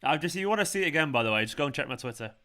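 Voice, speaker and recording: Ranting bright-voiced football fan streamer. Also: male voice, fairly high pitch, lively intonation, very fast. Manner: ranting, swearing, shouting in celebration. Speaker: football fan channel host. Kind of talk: live match watchalong commentary.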